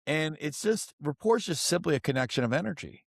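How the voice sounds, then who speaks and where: A man's voice: on the high side, fast talker, creaky, dry recording, studio quality. A middle-aged man, a guest author and coach, explaining a model and telling stories in a podcast interview. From United States. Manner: energetic, instructive, tells stories.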